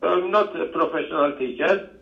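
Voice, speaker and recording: A man from Malta with a Maltese accent, a podcast guest joking in broken English with a deadpan delivery. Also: a little high, normal speed, creaky, roomy sound, lo-fi sound. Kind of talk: comic chat.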